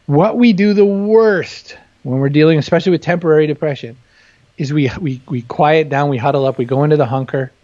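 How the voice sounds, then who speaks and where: Candid man, animated, slightly muffled. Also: on the high side, brisk, no room sound. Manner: candid, self-deprecating, animated. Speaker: guest author. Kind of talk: casual interview chat.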